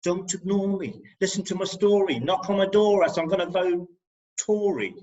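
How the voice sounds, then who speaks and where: A performance poet from England, speaking with a Midlands accent, delivers rhyming poems over an online video call and adds wry comic asides between them. His voice is high-pitched and warm at normal speed, and the video call microphone gives the recording a dull, lo-fi sound.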